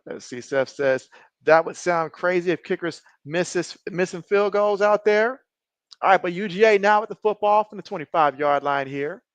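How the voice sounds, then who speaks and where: A man streaming a game, giving casual play-by-play, reading viewer chat and joking often, getting excitable on big plays. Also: sits high, normal speed, clear, resonant tone, no room sound. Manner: jokey, excitable, often laughs. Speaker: live-stream sports commentator.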